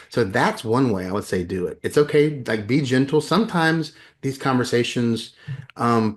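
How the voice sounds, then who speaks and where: A man talking as a guest in a conversational interview, emphatic and often repeating words as he builds his points. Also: on the low side. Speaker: podcast guest, educator.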